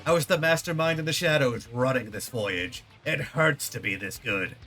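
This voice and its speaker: A man's voice: mid-range voice, moderate pace, pushed and bright, lightly acted. A man voicing a boastful scheming male villain who mocks and barks orders, with faint game music behind. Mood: gloating. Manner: smug, mocking, barking orders.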